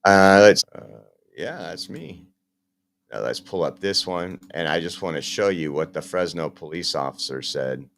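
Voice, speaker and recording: Bright-voiced sarcastic male podcast host. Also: low-pitched, expressive, unhurried, creaky, a little hiss or hum. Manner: emphatic, sarcastic, rambling. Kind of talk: opinionated commentary.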